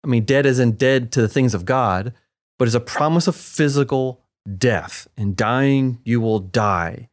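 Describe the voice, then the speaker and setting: A man co-hosting a Bible discussion, explaining word meanings with emphatic, animated delivery and playful asides. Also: medium pitch, unhurried. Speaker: co-host of a Bible teaching show.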